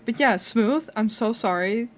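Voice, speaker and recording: A woman's voice: on the high side, measured pace. A young woman chatting casually while drawing on a live stream, rambling with lots of fillers and restarts and laughing often.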